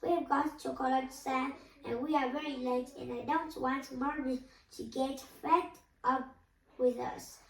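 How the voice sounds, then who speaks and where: An impatient, scolding grown man, put on by a woman narrating a storybook. He lectures in a raised, clipped way, and the voice sits high. The room is echoey and the mic is well away from the speaker. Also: steady tone, a little slow, distant mic. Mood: lecturing. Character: exasperated adult man, a harried teacher.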